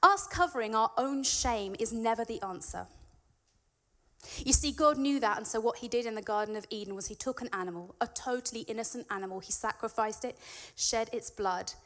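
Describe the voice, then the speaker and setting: A woman's voice: fairly high pitch, fairly quick, a bit bright. A woman preaching in a church, reading scripture and then explaining it in an earnest, conversational way that builds to emphatic peaks. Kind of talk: sermon with Bible reading.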